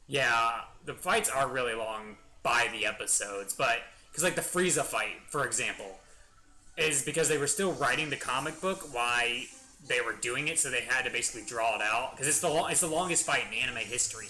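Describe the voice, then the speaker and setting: A man's voice: medium pitch, a little fast, pushed and bright. A young man hosting a gaming video, chatting enthusiastically in a rambling let's-play commentary. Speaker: gaming channel host.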